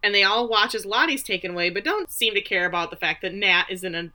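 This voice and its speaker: A woman's voice: mid-range voice, fast talker, hardly any pauses, bright, forceful tone. A woman co-hosting a podcast, recapping a TV episode with blunt, sarcastic commentary. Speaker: podcast co-host. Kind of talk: casual TV recap chat.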